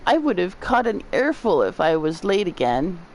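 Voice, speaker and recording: A woman's voice: on the low side, sing-song, normal speed, slight background noise, voice pushed up, low-quality recording. A woman voicing a sick young boy with a put-on accent, whining about his medical examinations. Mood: weary. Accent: put-on unnamed accent.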